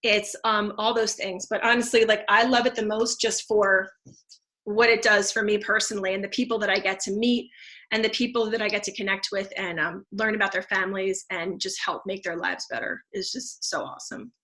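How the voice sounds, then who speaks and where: A woman's voice: medium pitch, steady tone, fairly quick, pushed and bright. A woman in her thirties talking casually and effusively about how selling essential oils helped her, with many fillers and restarts. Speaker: teacher and essential oils seller. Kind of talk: casual testimonial talk.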